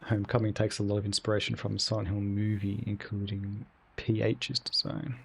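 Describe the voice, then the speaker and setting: A man's voice: on the low side, level tone, fairly quick, gravelly, husky. A young man streaming a video game live, chatting casually and rambling, with plenty of swearing. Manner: rambling, profane, laid-back. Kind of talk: casual live-stream chat while gaming.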